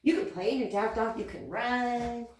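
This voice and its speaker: A young woman teaching yoga to little kids in a sing-song, coaxing way, with hisses and moos along the way. Her voice sits a touch high and rings around a very echoey room. She sounds set back from the microphone. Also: normal speed, recorded from a distance. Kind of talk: playful guided yoga class for children.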